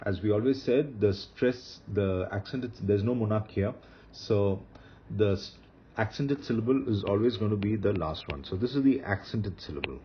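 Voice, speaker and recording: A man teaching a screen-recorded lesson, explaining patiently, with fillers and restarts. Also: lowish voice. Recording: slightly muffled, faint background hiss.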